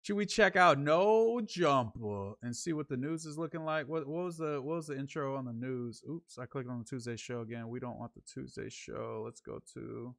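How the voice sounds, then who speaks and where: A man's voice: medium pitch, normal speed, gravelly, hardly any pauses. A young man from Northern California, hosting a casual livestream, reading chat messages aloud and answering them in loose, slangy talk.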